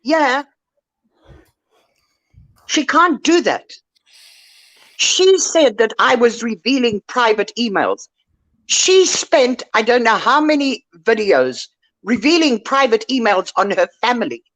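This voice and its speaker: Older woman host, slow and animated, scolding tone on an online call. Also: a little high. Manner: indignant, lecturing rant. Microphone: online call mic.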